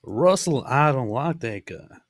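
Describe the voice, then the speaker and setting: A man co-hosting a casual livestream chat, talking haltingly with many restarts. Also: mid-range voice, expressive, no room sound, studio quality. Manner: halting, with frequent restarts and fillers. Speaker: co-host.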